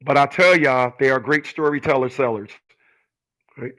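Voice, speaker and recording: A man's voice: medium pitch, normal speed, a bit bright, rough recording. A middle-aged man hosting his channel, speaking earnestly and emphatically in a personal monologue to his viewers. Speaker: channel host.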